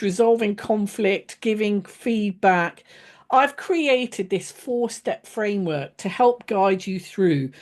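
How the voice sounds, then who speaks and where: A woman teaching a casual lesson on leadership, chatty, with many fillers and restarts, acting out sample phrases in a gentler voice. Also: mid-range voice. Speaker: leadership trainer.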